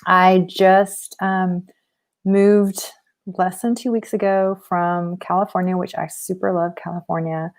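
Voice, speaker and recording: A woman's voice: lowish voice, level tone, a little slow. A woman in her forties from Texas with a Southern twang, a life coach chatting casually on a live stream in an upbeat way with lots of ums. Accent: Texan Southern. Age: 40s.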